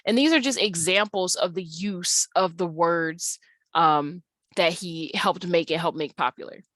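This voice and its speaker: Woman, English teacher, recorded lesson. Low-ish voice, dry recording, loose delivery full of fillers. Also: measured pace, a bit bright, dry recording. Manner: casual explaining with many fillers and restarts. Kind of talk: recorded slide-by-slide tutorial.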